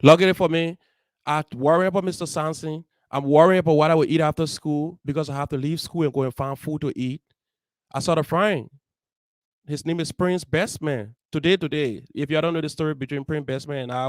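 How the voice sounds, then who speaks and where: Brief: Liberian English man, young adult, motivational host, earnest storyteller, slightly high voice, dry close sound. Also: no echo. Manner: earnest, heartfelt, acts out dialogue. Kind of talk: personal storytelling.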